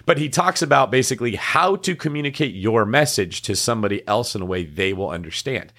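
A man's voice: medium pitch, a little fast. A middle-aged man co-hosting a business talk show, explaining ideas in a casual way and acting out the reactions of the people he quotes. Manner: animated, acts out quoted reactions. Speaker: podcast co-host.

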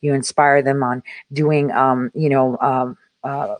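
A parent speaks straight to her viewers in a blunt, profane rant, full of restarts and repeated words. Her voice is extremely low-pitched, flat and slow, with no room sound in this casual monologue.

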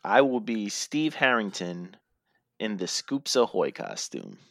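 A man's voice: lowish voice, wildly swooping pitch, takes it slowly, gravelly, no echo, studio quality. A man co-hosting a casual wrestling recap podcast, playful and rambling, sounding tired and yawning. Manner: playful, jokey, rambling with fillers. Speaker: podcast co-host.

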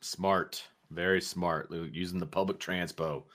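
A man hosting a casual sports talk podcast, energetic and chatty, telling stories with animation. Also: sits low, measured pace. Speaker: podcast host.

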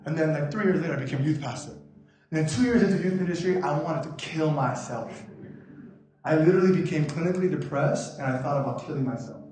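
A young man from Korea preaching a passionate sermon as a youth pastor, moving between quiet confession and shouted exhortation. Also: fairly high pitch, fast. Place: church sanctuary. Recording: very echoey hall with loud music behind.

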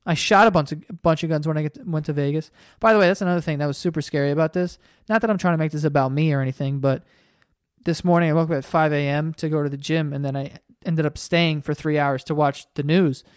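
A man hosting a podcast, rambling in a casual monologue full of swearing that gets worked up and loud. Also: on the high side, steady tone, quick pace, clear, resonant tone, no echo, studio quality. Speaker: podcast host.

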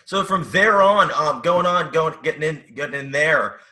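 A man hosting an interview, fumbling through his questions with many restarts. His voice is very bright and keen, pitched a little high. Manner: halting, searching questions. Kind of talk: casual interview chat.

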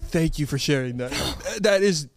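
A man's voice: on the high side, lively intonation, normal speed, dry recording. A young man co-hosting a podcast in casual chat, laughing often and poking fun at himself. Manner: laughing, self-mocking, jittery. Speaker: podcast co-host.

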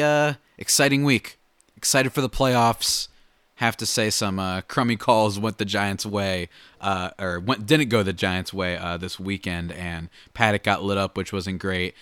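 A man's voice: fairly low pitch, fairly bright tone, clear, resonant tone, no room sound. Casual man hosting a sports podcast. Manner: upbeat, casual, with fillers. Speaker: podcast host.

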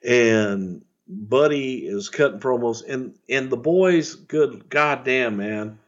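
A man's voice: medium pitch, slow pace, lo-fi sound. A middle-aged man telling wrestling stories in casual podcast chat, profane and rambling, with chuckles. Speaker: podcast storyteller.

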